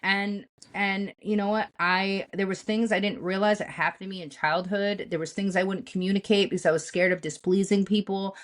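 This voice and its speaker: A woman's voice: medium pitch, moderate pace, hardly any pauses. A young adult woman co-hosting a podcast, telling a personal story bluntly, with lots of swearing and vivid retelling. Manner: blunt, profane, animated retelling. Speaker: podcast co-host. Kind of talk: candid storytelling chat.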